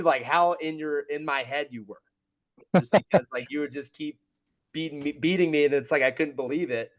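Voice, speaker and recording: A man's voice: fairly high pitch, normal speed, a bit bright. Casual male podcast host. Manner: casual, filler-heavy anecdotes. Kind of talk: casual interview chat.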